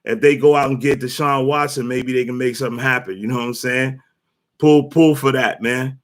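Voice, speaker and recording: A man's voice: medium pitch, flat delivery, a little fast, a bit bright. A man hosting his own sports talk livestream, chatting loosely and rambling with many fillers and restarts. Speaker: sports talk show host. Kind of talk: casual livestream chat.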